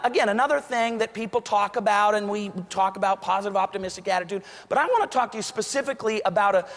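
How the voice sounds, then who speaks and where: Male keynote speaker, lively storyteller, slightly high voice, long hall reverb. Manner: storytelling, acts out quoted voices. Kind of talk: motivational keynote speech.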